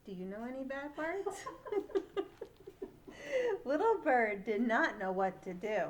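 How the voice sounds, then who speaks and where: An older woman, a great-aunt, reading a picture book aloud to children in an animated, playful way, pausing to ask questions. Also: sits high.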